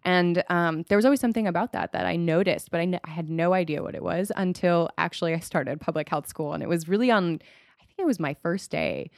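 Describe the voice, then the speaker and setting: A woman who grew up between Los Angeles and Europe, a public health guest talking in a thoughtful, relaxed way. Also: fairly low pitch, fast talker, no room sound, clean studio sound. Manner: thoughtful, relaxed, lightly laughing. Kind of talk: casual interview chat.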